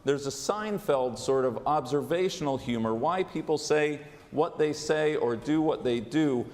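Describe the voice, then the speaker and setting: A man, a rabbi, giving a sermon in a measured, deliberate way with dry humor, in a large synagogue sanctuary on a pulpit microphone. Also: on the high side, darkish tone. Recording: long reverb of a large sanctuary.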